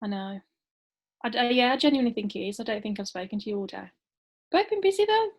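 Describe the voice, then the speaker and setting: A woman's voice: fairly high pitch, animated, fast talker, dull audio. A woman chatting with her husband over a video call from downstairs at home, self-conscious and giggly, speaking a little formally. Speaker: guest, host's wife. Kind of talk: casual chat.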